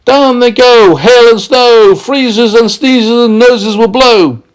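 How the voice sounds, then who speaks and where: A man voicing a boisterous male cloud man from a storybook, shouting orders and chanting. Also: very high-pitched, animated, unhurried, pitched above the performer's own voice. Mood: bossy chanting.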